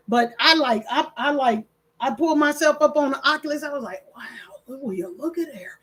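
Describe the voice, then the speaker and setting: Lively high-voiced older woman chatting. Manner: animated storytelling with quoted voices. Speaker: channel host. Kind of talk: casual chat reading comments.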